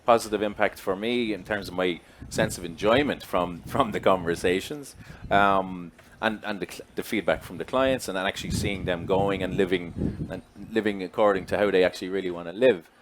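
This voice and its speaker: Male interviewer, lowish voice, reflective and agreeable, faint hiss in the room. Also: fairly quick, hardly any pauses. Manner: reflective, with many short agreeing replies. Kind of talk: conversational stage interview.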